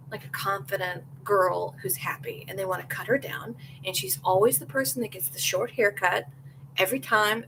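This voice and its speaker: On a low-quality recording with slight background noise, a young podcast host speaks in a mid-range, fairly bright voice. She chats casually in response to live comments, candid and strongly opinionated, often re-enacting what others said.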